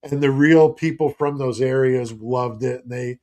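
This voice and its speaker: A man's voice: medium pitch, unhurried, a little mellow. Chatty middle-aged man hosting a live stream. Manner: rambling, chatty, reads out viewer comments. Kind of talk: casual live stream chat.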